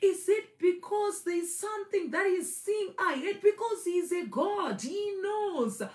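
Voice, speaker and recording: Woman preacher, high voice, fervent sermon, says things over and over to drive them home. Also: lively intonation, unhurried, a little mellow. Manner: fervent, repeats phrases for emphasis. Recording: echoey room.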